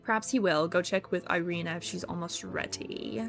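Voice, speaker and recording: A woman's voice: fairly low pitch, moderate pace, a bit bright, faint music behind. A woman voicing a composed, gracious middle-aged mother in a gothic game.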